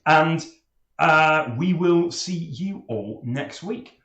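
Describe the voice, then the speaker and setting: A man's voice: a little high, expressive, drawn-out words, fairly bright tone, roomy sound. A man running a tabletop game as game master, talking with enthusiasm and frequent fillers.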